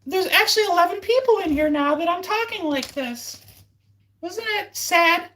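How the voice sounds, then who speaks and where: A man putting on a squeaky falsetto voice for a goofy, giggly alter ego during a livestream chat. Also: expressive, normal speed, sharp tone, slight background noise, heavily acted.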